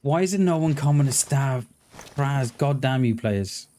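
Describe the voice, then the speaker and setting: Excitable male game streamer chatting. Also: medium pitch, normal speed, a little hiss or hum. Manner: excitable, stutters and restarts, swears casually, chats to viewers. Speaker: livestreamer. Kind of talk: casual live-stream chat while gaming.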